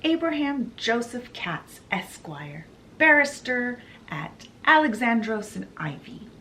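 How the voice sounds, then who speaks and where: A woman's voice: on the high side, very animated, slow pace, sharp tone, slight background noise, voice pushed up, heavily acted. A woman voicing a charming young male barrister who banters playfully.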